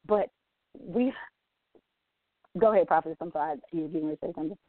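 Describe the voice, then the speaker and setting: A woman's voice: deep voice, a little fast, dry recording. A woman on a church women's panel, candidly telling stories about anger and acting out her own quoted lines. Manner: candid, animated storytelling with quoted asides. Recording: tinny phone-line audio, dry.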